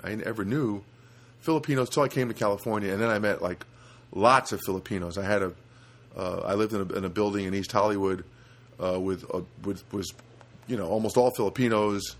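A man's voice: fairly low pitch, a little fast. A man from New Jersey hosting a solo podcast from a studio apartment, rambling casually with many fillers and restarts. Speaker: podcast host.

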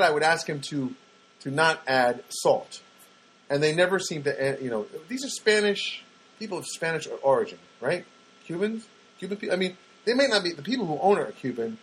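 Guy ranting about his day, husky voice, pitch jumping all over. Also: low-quality recording. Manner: chatty, excitable, repeats himself, acts out voices. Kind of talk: rambling monologue.

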